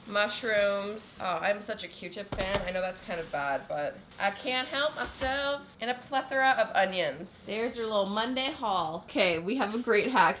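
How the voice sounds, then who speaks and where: A woman's voice: a little high, a bit bright, a little hiss or hum. A woman chatting casually in her vlog at home, upbeat and peppering her talk with "like". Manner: chatty, upbeat, heavy use of "like". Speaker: vlogger.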